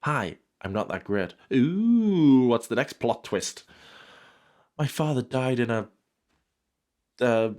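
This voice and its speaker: A man reading a fan story aloud and breaking off for dry, sarcastic comments. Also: medium pitch. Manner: dry sarcastic interruptions, mock outrage. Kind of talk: comedic reading with sarcastic asides.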